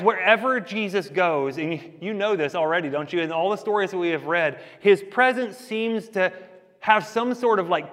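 A man preaching a sermon in a casual, conversational way, telling stories and swinging between loud and quiet. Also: on the high side. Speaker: pastor. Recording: long reverb of a large hall.

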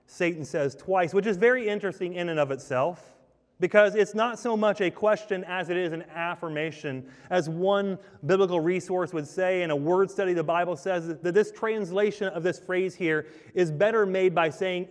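A male pastor preaches with emphasis and keeps throwing rhetorical questions to his listeners. His fairly high voice rings out with a long reverb tail in a large hall. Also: animated, normal speed. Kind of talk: sermon.

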